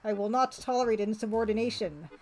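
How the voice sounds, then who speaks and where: Woman reading as a raspy evil male villain. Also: a little high, fast talker, darkish tone, slight background noise, natural voice, poor audio. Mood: menacing. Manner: menacing, reading out game text.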